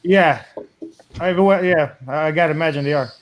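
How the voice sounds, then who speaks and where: A man bantering as co-host in a casual livestream chat, joking quickly. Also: a little high, a little hiss or hum.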